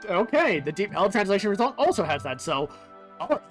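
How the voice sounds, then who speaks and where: Streamer, casual commentary, hesitant and musing, animated pitch, light music bed. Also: fairly quick. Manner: musing, hesitant with frequent fillers; casually profane.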